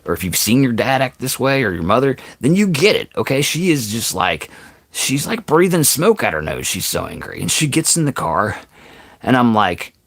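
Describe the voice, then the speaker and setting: A man tells a comic personal story straight to camera, his pitch swinging up and down as he goes. He keeps checking in with his listeners and pokes fun at himself along the way. The sound is close and dry, with no room around it. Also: normal speed, no room sound. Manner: animated, keeps addressing the audience with "okay?" and "people"; self-deprecating, exaggerated asides. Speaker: vlogger.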